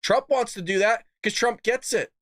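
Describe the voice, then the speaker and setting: Angry man ranting, high voice. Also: normal speed, fairly bright tone, no room sound. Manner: mocking put-on voices for quoted opponents. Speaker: podcast host. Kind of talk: political rant.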